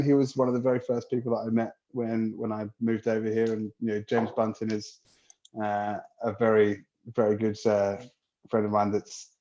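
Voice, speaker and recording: A man's voice: on the low side, mellow. A man telling friendly anecdotes in a casual video chat, laughing as he goes. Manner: anecdotal, laughs through stories. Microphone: video call. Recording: dull video call audio with faint noise.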